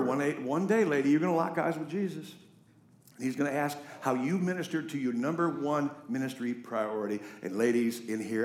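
A man preaching a sermon as pastor, swinging from quiet asides to loud, raised storytelling. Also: mid-range voice, roomy sound. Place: church sanctuary.

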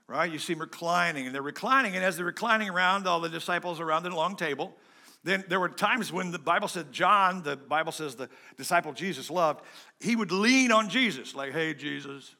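A pastor preaching a sermon in a joking, conversational way, swinging between loud and soft. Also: male voice, sits high.

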